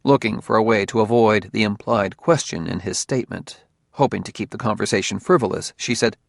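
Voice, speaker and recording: Male narrator, gravelly voice, mid pitch, dry close-miked sound, steady storytelling. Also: a little fast, no room sound. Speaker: audiobook narrator. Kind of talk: scripted narration.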